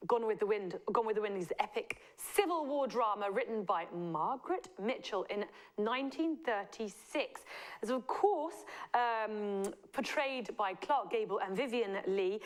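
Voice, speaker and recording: Young west country woman running a live quiz, teasing players, slightly high voice. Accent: West Country English. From Southwest England. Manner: playful and teasing, drawn-out reveals. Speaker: quiz host. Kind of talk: live quiz show hosting.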